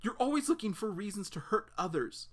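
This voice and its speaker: A man's voice: very animated, a little fast, fairly bright tone, heavily acted. A defiant teenage girl from a comic, scolding and accusing in a lifted, firm voice. She sounds brave and bitter, as a man puts her on while reading aloud, and she stands her ground. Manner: raised pitch, scolding and accusing.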